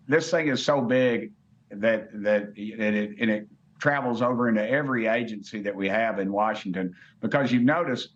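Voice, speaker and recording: A man's voice: lowish voice, muffled recording. A man, a congressman speaking as a guest in a TV interview, blunt and folksy, repeating words as he goes. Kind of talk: live TV interview.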